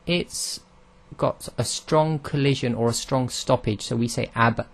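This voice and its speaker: A man's voice: medium pitch, unhurried. A man teaching Arabic pronunciation in a recorded lesson, explaining patiently step by step and sounding out each letter aloud.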